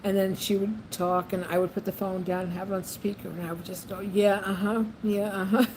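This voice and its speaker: Woman vlogging, kinda low voice, rambly and repeats stuff, noisy background. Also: level tone, fast. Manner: chatty, repeats phrases, frequent ums. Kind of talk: casual monologue to camera.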